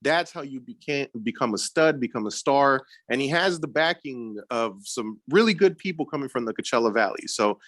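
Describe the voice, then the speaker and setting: A man's voice: mid-range voice, animated, moderate pace, few pauses, a bit bright, no echo. A man co-hosting a podcast, talking sports with hype and slang in casual chat. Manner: hyped, slangy sports talk. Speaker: podcast co-host.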